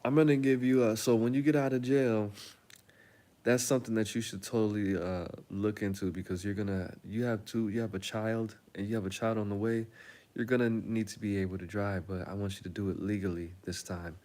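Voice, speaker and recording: A man voicing a stern female judge who lectures a defendant in a measured, scolding way. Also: lowish voice, level tone, dark tone, natural voice. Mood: lecturing. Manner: measured, scolding, then casual and slangy.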